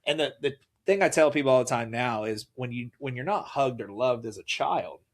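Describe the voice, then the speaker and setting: A man in casual conversation, recounting a personal story with lively energy. He slips into quoted voices as he goes, keeping the talk loose and conversational. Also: medium pitch, brisk. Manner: animated, acts out quoted voices. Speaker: podcast guest.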